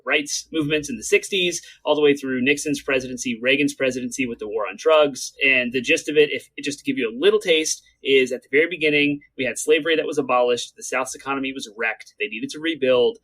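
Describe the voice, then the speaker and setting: An earnest man co-hosting a casual podcast, his voice sitting at an ordinary middle pitch. He talks quickly and keeps pushing his points forward. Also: fairly bright tone, poor audio. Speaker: podcast co-host.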